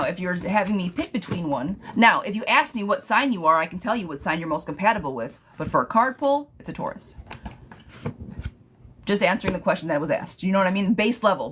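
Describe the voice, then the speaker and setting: A woman's voice: lowish voice, a bit bright. Woman, tarot reader, casual live-stream chat, laughs a lot, audible background noise. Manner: chatty, laughs often, reads out viewer questions.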